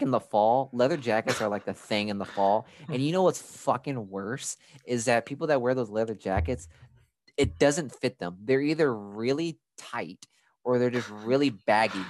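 A man's voice: mid-range voice, moderate pace, darkish tone, dry recording, studio quality. A young man co-hosting a casual movie podcast, blunt and profane, rambling through opinions. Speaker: podcast co-host.

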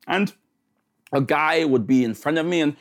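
A man's voice: fairly high pitch, normal speed. A man preaching a sermon, telling a childhood story with lots of restarts and acting out the voices of the people in it. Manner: animated storytelling, acts out voices, frequent restarts.

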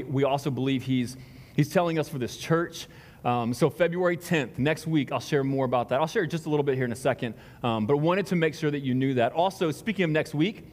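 Man, pastor, slightly high voice, rambling, self-deprecating, casual sermon, long hall reverb. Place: large church hall before a congregation.

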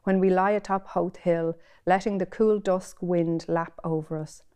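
A softly spoken poetic young man, read by a woman. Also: on the low side, fairly even intonation, a little slow, clear, resonant tone, close to an everyday voice. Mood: tender. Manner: soft, quiet, lofty. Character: poetic, smooth-talking young Dublin man.

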